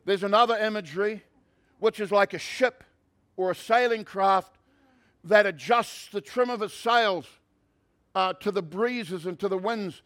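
High-voiced man preaching a sermon. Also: a little slow. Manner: conversational, builds to loud preaching. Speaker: pastor.

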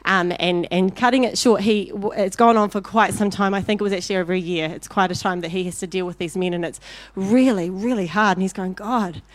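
A woman preaching a sermon, telling a story with lively acted-out voices before turning to direct exhortation. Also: medium pitch, a little fast, hardly any pauses, dry recording. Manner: animated storyteller, acting out voices in anecdotes.

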